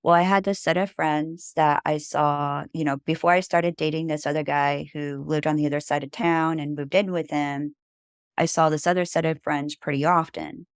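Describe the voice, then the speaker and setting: A woman with a low voice tells a personal story as a podcast guest. She rambles casually, with lots of "like" and "you know." The sound is dry and close. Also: no room sound.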